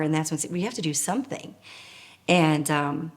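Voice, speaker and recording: A middle-aged woman tells her personal story in an earnest, emotional way, stopping often on fillers. Her voice sits very low and has a gravelly fry. She speaks as one of a nonprofit's founders. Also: normal speed.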